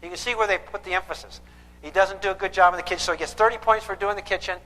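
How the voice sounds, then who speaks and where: A man's voice: sits high, steady tone, rapid-fire, sharp tone. A man giving a parenting seminar, emphatic and lecturing, who keeps quizzing his audience with questions. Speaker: parenting counselor. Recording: echoey hall with long reverb.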